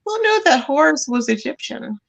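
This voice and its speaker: A woman's voice: high voice, normal speed, gravelly, dull audio. A woman hosting a livestream, chatting casually and animatedly about celebrity gossip, calling people "child". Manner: animated, calls listeners "child". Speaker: livestream host.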